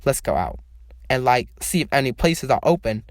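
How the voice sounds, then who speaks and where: A man voicing a laid-back young male bandmate who talks in a relaxed, offhand way. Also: medium pitch, moderate pace, no echo, clean studio sound, close to an everyday voice.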